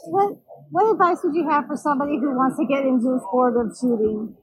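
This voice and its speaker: A woman's voice: high voice, fairly even intonation, a little fast, rough recording. A woman interviewing a guest, asking questions and chiming in with short encouraging affirmations.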